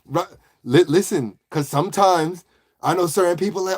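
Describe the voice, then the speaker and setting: A young man chats on a live stream, playful and goofy. His voice sits a bit high for a man and leaps around with lively energy. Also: moderate pace. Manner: animated, high-pitched and goofy, bursting into laughter. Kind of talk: comedic live stream chat.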